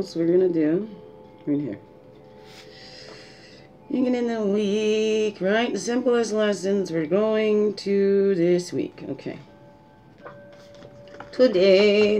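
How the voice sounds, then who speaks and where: A woman hosting a spiritual guidance talk, musing aloud and asking rhetorical questions, often tagging "right?" and a soft "hmm". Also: on the low side. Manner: musing, asks rhetorical questions, adds 'right?' and 'hmm'. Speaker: spiritual guidance show host.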